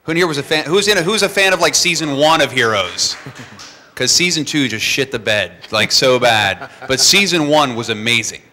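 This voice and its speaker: Brief: male filmmaker guest, bright tone, lively raconteur on stage. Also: medium pitch, moderate pace. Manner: animated storyteller, acts out voices, laughs often. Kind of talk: live stage conversation. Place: stage before a live audience.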